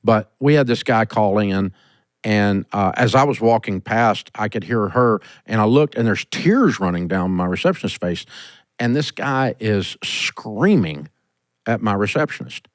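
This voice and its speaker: Middle-aged guy radio host, blunt, lively storyteller, dry studio mic, no room sound. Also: on the low side, unhurried, no echo. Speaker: host giving business advice. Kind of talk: call-in show advice.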